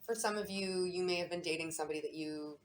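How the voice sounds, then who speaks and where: Low-pitched woman reading tarot to camera, rapid and repetitive, faint noise behind. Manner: chatty, warm-hearted, repeats words. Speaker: tarot and astrology reader.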